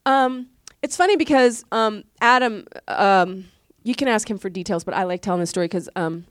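A woman giving a personal testimony at a church service, a chatty and animated storyteller who laughs often and fills her speech with restarts. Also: medium pitch, normal speed, dry recording, clean studio sound. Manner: chatty, many fillers and restarts. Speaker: church speaker sharing a testimony.

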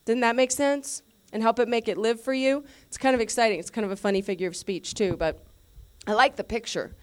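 A woman pastor teaching a sermon in a lively, conversational way, asking her listeners questions and correcting herself as she goes. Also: on the high side, a little fast. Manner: restarts and self-corrections.

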